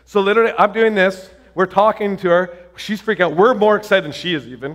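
A man preaches to a congregation with a fairly high voice. He tells stories with lots of excitement and often breaks off mid-sentence to start over. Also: brisk. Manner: excited, storytelling, many restarts and fillers. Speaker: pastor. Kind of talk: sermon.

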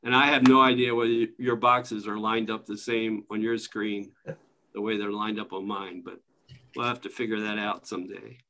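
A man leading an online spiritual study group, teaching in a relaxed, conversational way and chuckling often as he hands out readings over a video call. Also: fairly low pitch, normal speed, slight background noise.

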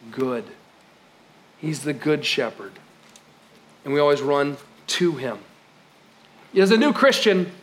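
A male pastor preaches a sermon in a conversational yet emphatic style, swinging from loud exclamations down to quiet, low moments punctuated by light laughs.

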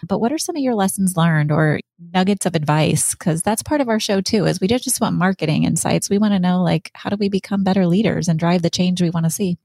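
A woman's voice: fairly low pitch, brisk, gravelly, hardly any pauses, husky, no room sound. A woman hosting a marketing podcast, interviewing a guest and reading a sponsor message. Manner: warm affirming interviewer, frequent "yeah". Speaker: podcast host.

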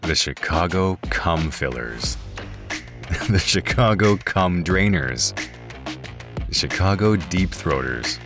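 A man with a very deep, low voice reads out a list at an unhurried pace, amused and often stifling laughter. Music plays clearly behind him. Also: expressive. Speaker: guest reader. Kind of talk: reading a list aloud with laughter.

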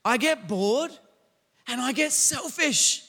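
High, bright preacher in a hall. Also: male voice, expressive, slow, vocal fry. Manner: emphatic preaching with rising shouts and repeated phrases. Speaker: pastor. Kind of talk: sermon. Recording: long hall reverb.

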